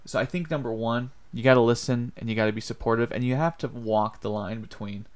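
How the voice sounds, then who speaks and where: A man's voice: medium pitch, brisk. A young man co-hosting a podcast, talking earnestly and rambling a little, acting out the lines he quotes. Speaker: podcast co-host. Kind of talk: casual chat.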